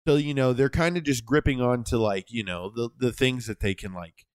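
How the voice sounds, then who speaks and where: A man's voice: medium pitch, fairly quick, clean tone, no room sound. A man co-hosting a casual podcast. He jokes constantly and swears freely, in a voice that sounds a little tired in the throat. The sound is dry and close to the mic. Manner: profane, loose and joking. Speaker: podcast co-host.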